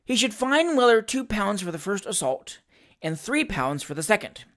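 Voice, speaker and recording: A narrator reading a classic comic novel aloud at a measured pace. The storytelling stays even and unhurried. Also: medium pitch. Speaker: audiobook narrator.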